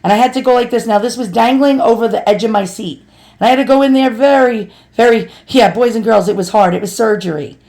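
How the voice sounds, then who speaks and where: A woman's voice: fairly high pitch, quick pace, darkish tone. A middle-aged woman vlogger telling a personal story, chatty and earnest, calling her listeners boys and girls. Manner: earnest, confessional.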